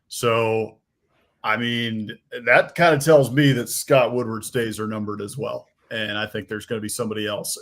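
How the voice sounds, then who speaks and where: A man hosting a casual college football talk show, recapping the news in a measured way before asking his co-host. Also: medium pitch. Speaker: podcast host.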